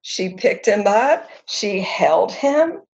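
An earnest woman counselor explains at an even pitch, telling her examples with animated emphasis. The sound is a little dull and lo-fi, like a remote recording. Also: slow pace, creaky. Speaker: counselor guest. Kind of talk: conversational explanation.

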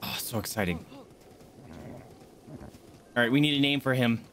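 A young man streaming a game, chatting casually with viewers, excitable, swearing, jumping from hushed asides to loud outbursts. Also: medium pitch, normal speed, slight background noise. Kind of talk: casual gameplay commentary.

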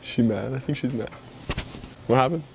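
A man's voice: mid-range voice, normal speed, gravelly. A brash young man vlogging and joking around in public, swearing casually as he talks. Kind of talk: casual vlog chat.

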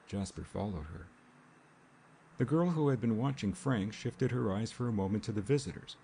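A man reading an audiobook in a measured, even storytelling manner. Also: on the low side, a little hiss or hum. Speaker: audiobook narrator. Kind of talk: scripted narration.

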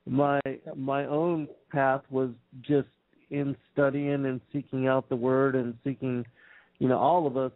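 A man speaking as a guest on a show, in measured conversational speech with some fillers. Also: medium pitch, little pitch movement, no room sound. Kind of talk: conversational interview. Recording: dry phone-line audio.

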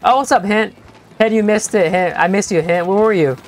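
A young man streaming a game live, talking to his teammates and chat in an excitable, stammering way that repeats itself. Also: high voice, a little fast. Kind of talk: live gameplay commentary.

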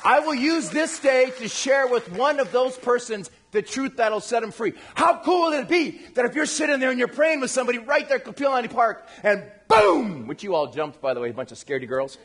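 High-voiced, animated male pastor. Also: a little fast, few pauses. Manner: animated, acts out quoted voices; addresses the congregation directly. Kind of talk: lively conversational sermon.

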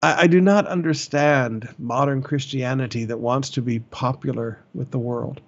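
A male pastor preaching a sermon, emphatic, with repeated phrases and sudden rises in pitch. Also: steady tone, normal speed, highs cut off.

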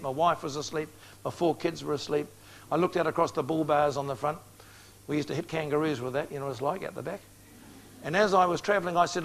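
With a fairly high pitch and a fairly bright tone, a man in his sixties gives an evangelistic sermon. He tells stories in a direct way to his audience, voicing the characters' lines himself.

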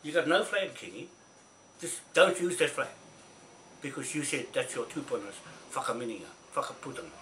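A man's voice: medium pitch, pushed and bright, a little hiss or hum. A man delivering an angry, confrontational rant straight to camera, scolding and repeating himself. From New Zealand. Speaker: vlogger.

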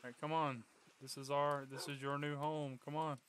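A young man giving casual gameplay commentary, coaxing and pleading with his in-game pet, then bursting into excited yells. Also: fairly high pitch, normal speed, slight background noise. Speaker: gaming YouTuber.

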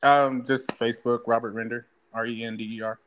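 Quiet man answering briefly on a distant call. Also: mid-range voice, level tone, brisk, a little hiss or hum. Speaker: guest on a live stream. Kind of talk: casual chat.

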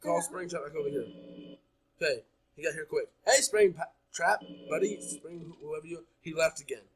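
A man's voice: a little high, normal speed, slight background noise, poor audio. A man playing a horror game, chattering nonstop and jumpy as he talks his audience through it. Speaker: gaming YouTuber. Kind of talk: horror game let's play commentary.

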